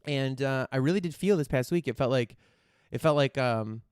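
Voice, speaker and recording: Smooth-voiced man hosting a casual podcast. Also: medium pitch, normal speed, darkish tone, dry recording, clean studio sound. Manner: rambling and candid, with casual swearing. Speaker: podcast host. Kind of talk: casual chat.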